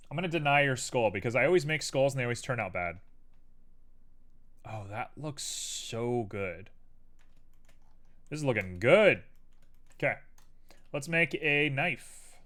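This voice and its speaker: A man's voice: medium pitch, fairly bright tone. A man hosting a live stream, casually chatting and thinking aloud to viewers as he builds a 3D model.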